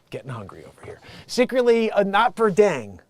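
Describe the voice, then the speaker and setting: A man hosting a comedic news show, rambling and joking through headlines and laughing at his own bits. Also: high-pitched. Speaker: talk show host.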